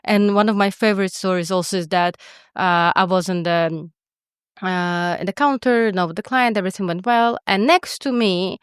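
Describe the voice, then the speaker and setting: A woman's voice: medium pitch, moderate pace, smooth, no room sound, studio quality. A woman co-hosting a podcast in casual chat, candid and profane, with lots of filler words. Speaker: podcast co-host.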